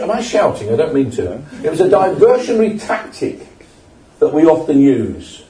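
His pitch sits high and swings broadly, with a slightly mellow quality and a moderate pace. He's an older man preaching in a church, joking and talking conversationally while asking the congregation questions, heard through a distant mic in an echoey hall.

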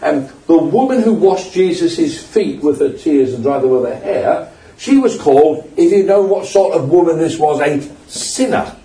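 An older preacher keeps his sermon funny and conversational, putting questions to the people in the pews. He speaks at a normal pace with few pauses, his fairly high, warm voice full of expression, picked up by a distant mic in an echoey church hall.

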